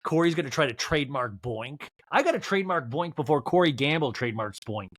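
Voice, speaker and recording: Picture a young male podcast host tearing through a reality TV recap with snark. His pitch leaps all over, jumping from mutters to squeals, and the sound is dry and close to the mic. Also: a little fast, dry recording. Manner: snarky, animated, mocking. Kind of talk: comedic TV recap.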